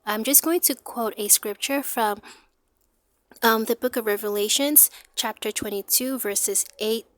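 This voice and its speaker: A woman's voice: on the high side, no room sound. Casual woman host, dry sound. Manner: casual, with filler pauses. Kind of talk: casual faith talk with scripture.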